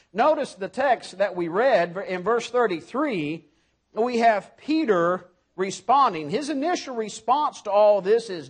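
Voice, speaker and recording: A man with a high voice delivers a sermon. He presses his points with emphasis and often turns to his listeners with rhetorical questions. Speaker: preacher.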